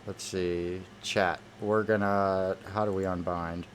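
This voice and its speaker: A man talks over his gameplay in a fairly low voice, irritated and swearing nonstop. He speaks into a desk microphone with a faint hiss underneath. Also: level tone, takes it slowly. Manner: irritated, heavily profane ranting. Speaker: gamer. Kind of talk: gameplay commentary.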